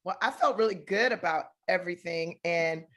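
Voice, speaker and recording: A woman in her thirties, an actress and guest, talks in a lively way and acts out quoted exchanges in a talk show interview. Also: on the low side, normal speed. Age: 30s.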